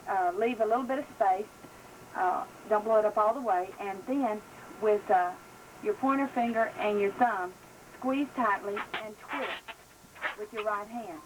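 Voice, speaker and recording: Southern lady explaining clown tricks, chatty and folksy, lots of uh's, noisy hiss behind. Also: mid-range voice. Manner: folksy, chatty, frequent "uh" fillers. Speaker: gospel clown teacher. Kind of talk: casual instructional talk.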